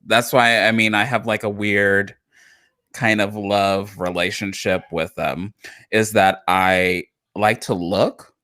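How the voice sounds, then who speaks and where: A man's voice: fairly low pitch, fairly even intonation, slow pace, sharp tone, no echo, studio quality. A man co-hosting a casual live-stream chat show, rambling and chatty with lots of fillers and self-corrections. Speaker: co-host.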